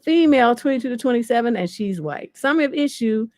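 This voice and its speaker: A middle-aged woman hosts a relationship-advice livestream. Her voice sits a little high, and it sounds close and dry. She reads the questions aloud, then answers bluntly, swearing and mocking. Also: quick pace, no room sound. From Northern California. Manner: blunt, profane, animated and mocking. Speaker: relationship coach and show host.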